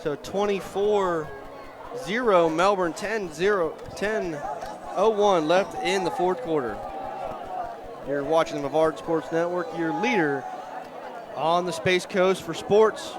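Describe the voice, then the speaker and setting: Excitable male football play-by-play caller. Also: high-pitched, takes it slowly, a crowd in the background. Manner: folksy, excitable play calling with sponsor plugs. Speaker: play-by-play commentator and show host. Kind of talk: live high school football commentary. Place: outdoors at a rainy high school stadium. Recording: outdoor stadium noise.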